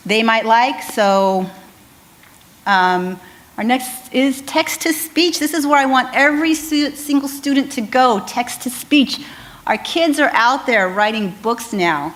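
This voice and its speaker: A woman speech pathologist giving an animated conference talk, telling stories with frequent ums and restarts. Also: a little high.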